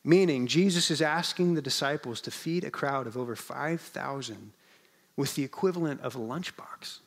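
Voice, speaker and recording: A man's voice: medium pitch, moderate pace. A man preaching a sermon as pastor, in a conversational, humorous way, often asking the congregation questions.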